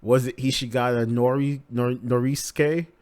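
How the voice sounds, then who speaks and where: A man's voice: medium pitch, fairly even intonation, moderate pace, darkish tone, natural voice. A man reading the lines of a fierce, tearful young maid from a manga in his own voice. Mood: threatening.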